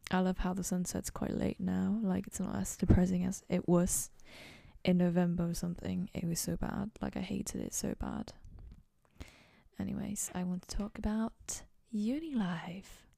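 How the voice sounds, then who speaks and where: Her voice is on the low side, gravelly and mellow, with a steady tone and measured pace. This young adult podcast host chats casually on her own from her dorm room, goofy and self-mocking as she rambles, in a dry recording.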